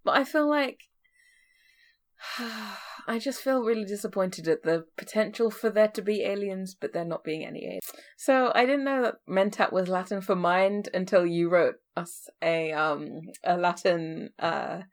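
A woman's voice: medium pitch, normal speed, few pauses. A woman co-hosting a podcast, chatting casually about a book with a joking, playfully sarcastic manner. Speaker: podcast co-host. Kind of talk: casual book-club chat.

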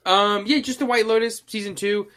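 A young man talking casually on a podcast, easygoing and agreeable as he rambles along. His voice sits a little high and sounds bright and forward. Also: fairly even intonation, moderate pace. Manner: rambling and agreeable, many fillers. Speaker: podcast co-host. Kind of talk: casual chat.

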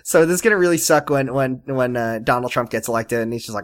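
A young man co-hosting a casual recap podcast, jokey and quick to break into laughter. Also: mid-range voice. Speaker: podcast co-host.

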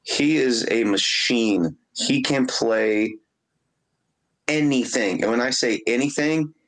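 A man from Indianapolis, a guest on an interview, telling animated stories with frequent laughs and dipping into a Scottish brogue. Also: mid-range voice, slow pace, rough recording. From Indianapolis, USA. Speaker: guest musician and actor. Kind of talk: casual interview chat.

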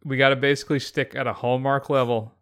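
A man co-hosting a podcast, talking about favorite film characters in a relaxed, opinionated, dry way. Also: mid-range voice, fast. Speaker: podcast co-host. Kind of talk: casual film chat.

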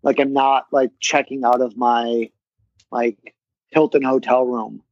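A man's voice: mid-range voice, level tone, measured pace, a little mellow, no echo. A man chatting casually as a podcast guest, rambling and leaning on filler words. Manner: rambling, full of "like". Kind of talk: casual chat. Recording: dry, muffled lo-fi audio.

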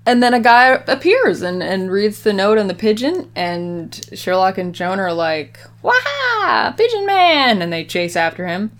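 A podcast host chats casually as she recaps a TV episode, voicing the characters' lines along the way. Her voice is medium-pitched with fairly even intonation, and she talks at a normal speed with few pauses.

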